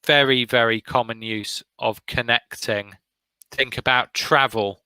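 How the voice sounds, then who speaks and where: A man's voice: mid-range voice, steady tone, a little slow, sharp tone, smooth, no room sound, low-quality recording. A man from the UK with a British accent, teaching an online vocabulary lesson and encouraging students by name. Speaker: English teacher.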